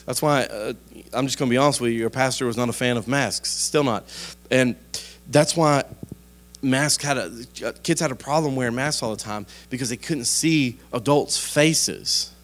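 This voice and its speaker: A man, a pastor preaching a sermon in a conversational, folksy storytelling style with sudden animated outbursts. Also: mid-range voice, normal speed.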